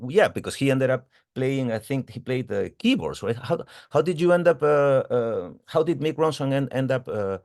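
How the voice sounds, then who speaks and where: A man's voice: mid-range voice, animated, normal speed, creaky, few pauses, darkish tone. A male interviewer who stumbles and repeats words while shaping his questions.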